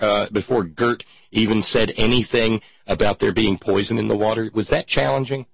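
A man's voice: lowish voice, fairly even intonation, normal speed, vocal fry, hardly any pauses, husky, dry recording. A man giving sarcastic, indignant political commentary full of rhetorical questions. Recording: dull lo-fi sound.

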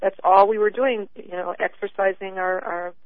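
A woman caller tells her story over a tinny phone line, her voice squeezed thin and narrow. She talks earnestly in halting bursts, often restarting her sentences, and the sound is dry with no room around it. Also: mid-range voice, fairly even intonation, dry recording. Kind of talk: call-in radio chat.

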